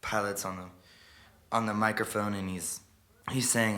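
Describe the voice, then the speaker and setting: A man telling a story in a soft, hushed and halting way, pausing and restarting often. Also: on the low side, steady tone. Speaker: singer-songwriter. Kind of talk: spoken storytelling intro to a song. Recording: loud guitar playing behind the voice.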